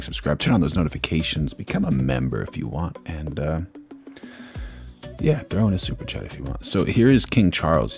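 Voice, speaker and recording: A man with an extremely deep voice hosts a live stream, laid-back and quick to laugh as he reads out viewer comments. Faint music plays underneath. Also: creaky. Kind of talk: casual live-stream chat.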